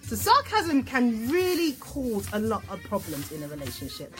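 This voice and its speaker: A woman relationship therapist giving an instructional talk, animated, checking in often with "okay?" and acting out example phrases. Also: fairly high pitch, moderate pace, faint music behind. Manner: acts out example phrases in voices.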